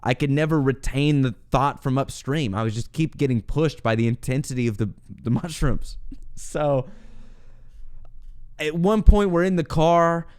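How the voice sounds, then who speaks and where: A young man hosting a podcast, telling a long personal story in a casual, animated way, laughing often and acting out what he said back then. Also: a little high, a little slow, clear, resonant tone. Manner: animated, laughs often, acts out his own past lines. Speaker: podcast host.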